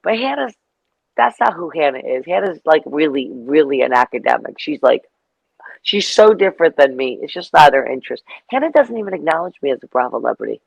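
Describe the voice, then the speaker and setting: A middle-aged woman chats as an interview guest, spinning animated stories full of asides. The sound is dry and close, with no room around her. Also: sits low, brisk, creaky, slightly rough, dry recording, dull audio. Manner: chatty, storytelling, animated asides. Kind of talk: casual interview chat.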